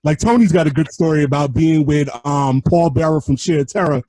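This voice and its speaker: A man's voice: a little high, fairly quick, mellow, no echo, rough recording. A man in a casual chat, chiming in with asides and questions.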